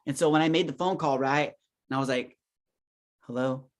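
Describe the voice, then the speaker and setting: A man's voice: medium pitch, normal speed. A man co-hosting a podcast, telling a personal story reflectively in casual chat. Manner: reflective, keeps asking "right?". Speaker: podcast co-host.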